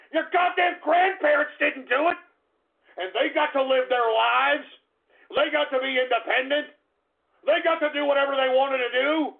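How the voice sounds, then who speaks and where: A man hosting a radio show who rants, shouts and swears angrily at his listeners. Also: very high-pitched, normal speed, creaky. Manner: shouting, profane, berating listeners. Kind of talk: angry broadcast rant. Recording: phone-like lo-fi audio.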